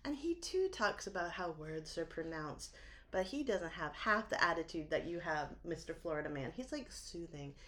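Bright-voiced New England woman laughing. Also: lowish voice, moderate pace. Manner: animated, laughing storyteller. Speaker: podcast co-host. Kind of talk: casual podcast chat.

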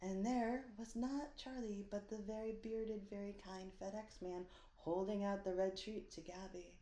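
A woman co-hosting a podcast in casual chat, telling a story with lively quoted voices. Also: mid-range voice, unhurried. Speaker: podcast co-host. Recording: echoey room.

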